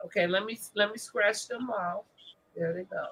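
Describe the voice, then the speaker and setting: A woman hosting a podcast, chatting loudly with lots of laughter and profanity. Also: medium pitch, moderate pace, a loud crowd, rough recording. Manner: loud, laughing, profane banter. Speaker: podcast host. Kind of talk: casual chat.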